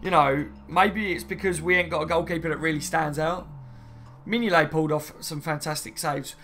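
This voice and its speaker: A man's voice: on the high side, fairly even intonation, moderate pace, bright, forceful tone, soft background music. A man chatting casually on a live stream, rambling and reading viewer comments aloud, saying "mate" and "you know what I mean" often. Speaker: football fan streamer.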